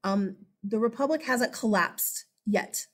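A woman's voice: a little high, slow pace. A woman, giving a chatty classroom history lecture and often checking in with "okay?". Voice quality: slight lisp. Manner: chatty, animated, keeps checking in with 'okay?'. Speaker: history teacher.

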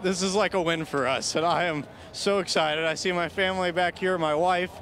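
A race car driver in a post-race interview, emotional and halting, thanking his team. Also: high voice, fairly even intonation, a bit bright. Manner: choked up, halting, grateful. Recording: faint outdoor track noise.

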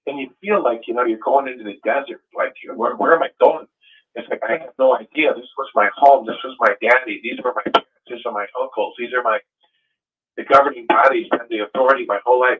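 A man speaks earnestly over a tinny phone line, his voice pitched in an ordinary middle range. He tells his story with animated feeling and builds to fervent appeals. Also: a little fast. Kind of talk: casual chat.

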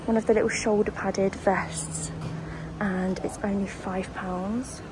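A woman's voice: medium pitch, little pitch movement, slow, noisy background. A young woman with a muffled voice from her face mask, gushing her way through a large clothing shop as a shopping vlogger. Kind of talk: chatty shopping vlog.

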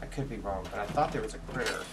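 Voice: medium pitch, fast talker, very noisy. A very tired game streamer chatting and rambling to viewers while playing live. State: very tired, sleepy. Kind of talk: live gameplay commentary. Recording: music playing behind.

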